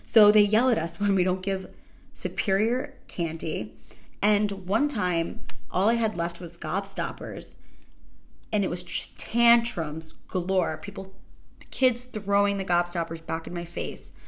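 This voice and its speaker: Animated sarcastic woman storyteller. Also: fairly low pitch, measured pace. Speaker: podcast host. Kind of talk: casual comedic storytelling.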